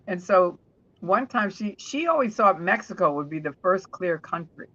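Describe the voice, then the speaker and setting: A woman guest telling stories in an interview, chatty and warm, often restarting her sentences. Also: lowish voice, lively intonation, normal speed, lo-fi sound.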